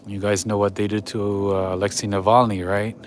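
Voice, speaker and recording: Chatty man with a low voice. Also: little pitch movement, a little fast, a little hiss or hum. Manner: chatty, talks straight to viewers, chuckles often. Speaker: livestream host. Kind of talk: casual walking livestream chat. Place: city street outdoors at night.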